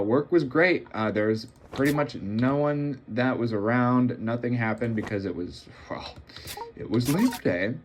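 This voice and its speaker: A man's voice: mid-range voice, slight background noise. A young man giving casual, rambling and wry commentary while playing a computer game. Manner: rambling, wry and self-mocking. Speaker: gaming video host.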